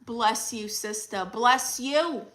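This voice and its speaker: A woman hosting a comedy livestream as an advice-giving aunt, chatting casually with a sassy, teasing manner and reading comments out loud. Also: a little high, slow, poor audio. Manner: coos baby talk at her dog.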